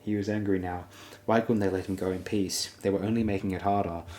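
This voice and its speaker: Deep-voiced male reader; steady, measured audiobook narration.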